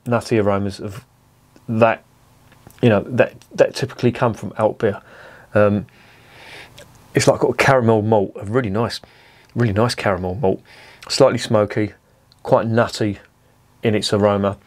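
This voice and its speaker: A man's voice: lowish voice, fairly even intonation, moderate pace, pauses often, a little mellow. Rambling man reviewing beer. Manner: rambling, chatty, with swearing and many fillers. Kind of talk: casual beer review vlog.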